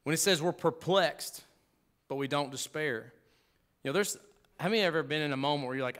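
A man's voice: a little high, fairly quick, long pauses. Emphatic preacher man. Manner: emphatic, swings from loud to hushed; conversational with asides and humor. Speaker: pastor. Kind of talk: sermon.

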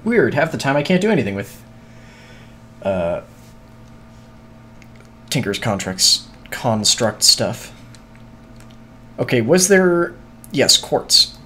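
A man's voice: medium pitch, very animated, slow, pauses often, bright, forceful tone, a little hiss or hum. A man streaming a video game, muttering to himself in casual, scattered chatter with frequent swearing and hiccups.

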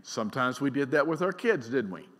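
A middle-aged man preaching a sermon as pastor. He is emphatic, swings between loud and quiet, and keeps asking the congregation questions. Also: medium pitch, sing-song, brisk, breathy edge. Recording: long reverb of a large church hall.

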